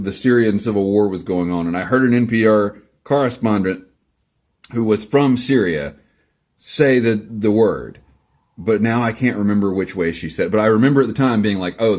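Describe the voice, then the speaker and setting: Speaking from his garage at home, a man responds to comments from viewers in a laid-back video addressed to the camera. His voice sits on the low side with a slightly mellow quality, and his humor is dry and sarcastic as he rambles and pokes fun at himself.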